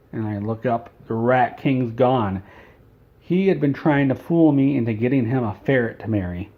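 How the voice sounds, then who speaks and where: A man telling an absurd comic story with a rambling, deadpan delivery. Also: medium pitch, moderate pace, narrow, tinny audio.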